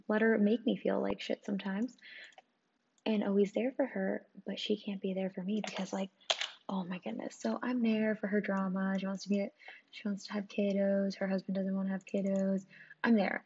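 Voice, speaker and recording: A woman's voice: mid-range voice, flat delivery, normal speed, mellow. A young woman telling a story in a casual vlog, chatty and profane, full of "like" and "um". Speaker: vlogger. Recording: dull lo-fi audio with clear noise.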